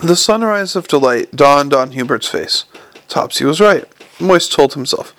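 A man's voice: fairly high pitch, expressive, unhurried, fairly bright tone. A man narrating an audiobook in a dry storytelling manner.

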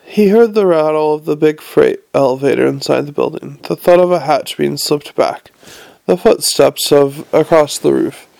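Gravelly man reading a novel aloud. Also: a little high, normal speed, a little mellow. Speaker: audiobook narrator.

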